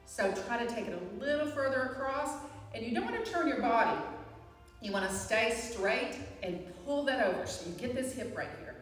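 A woman instructor guiding a live chair yoga class, with calm, encouraging cues and frequent reminders to breathe. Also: on the high side, moderate pace, far from the mic, faint music behind. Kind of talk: live guided fitness class. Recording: echoey hall, voice from afar.

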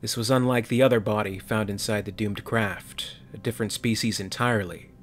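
Man, low voice, story narrator, measured, dramatic. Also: fairly even intonation, a little hiss or hum.

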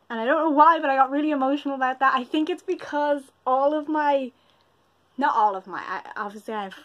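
Young Irish woman, twenties, vlogger talking from bed, a little high-pitched, chatty and self-deprecating. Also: a bit bright. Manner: rambling, self-deprecating, full of fillers. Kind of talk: casual chat to camera. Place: bedroom, in bed.

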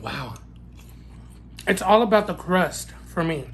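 A man reviewing fast food in a mukbang eating vlog, talking in a sassy, playful way and savoring each bite with frequent mm and wow sounds. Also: sits high, lively intonation, fairly bright tone, a little hiss or hum. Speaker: food vlogger.

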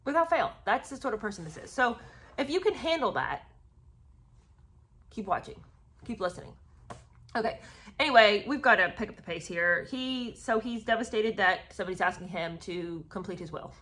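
A woman talks through a book in a casual commentary style. She sounds sarcastic and exasperated, and her voice sits at an ordinary middle pitch. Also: animated, normal speed, a bit bright.

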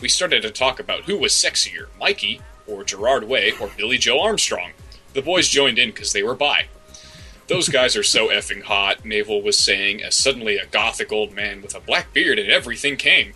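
Guy reading deadpan for laughs, really bright sharp voice, soft music behind. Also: fairly low pitch, brisk, breathy edge, low-quality recording. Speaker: podcast co-host. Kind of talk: comedic dramatic reading. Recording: faint music bed behind.

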